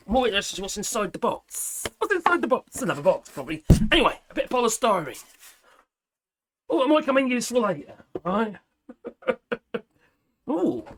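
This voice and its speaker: A man with a fairly high voice chats away as he unboxes a microphone, muttering to himself as he fiddles. Self-mocking and casual, he talks straight to camera from an indoor home setup. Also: vocal fry, fairly bright tone, breathy edge. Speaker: product reviewer.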